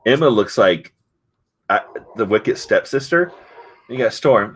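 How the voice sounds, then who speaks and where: Male comic reviewer, lowish voice, chatty and halting, lots of ums. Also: expressive, slight background noise. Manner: rambling, halting, many fillers and restarts. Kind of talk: casual comic review chat.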